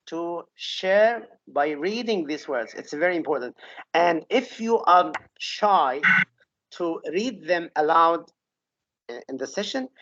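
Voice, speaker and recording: Speaking in a deep voice, a female English teacher leads an online pronunciation webinar, patiently repeating example words and often asking "okay?". The recording is dry, and the audio sounds dull and lo-fi.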